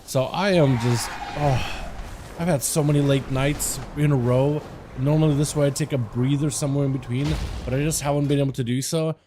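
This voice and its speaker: A tired male game streamer chatting casually with his viewers, laughing often and breaking into excited outbursts. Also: medium pitch, brisk, background noise. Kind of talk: casual livestream chat.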